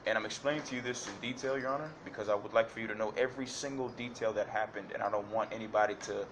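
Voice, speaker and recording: Deep-voiced man testifying to a judge. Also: fairly even intonation, very fast, background noise. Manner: detailed, repetitive, hesitant with fillers and restarts. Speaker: defendant addressing a judge. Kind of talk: courtroom testimony.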